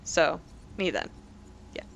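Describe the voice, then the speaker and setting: A woman's voice: takes it slowly, a bit bright, slight background noise. A woman doing casual let's play commentary, reading game entries aloud in a chatty, self-correcting way with giggly asides.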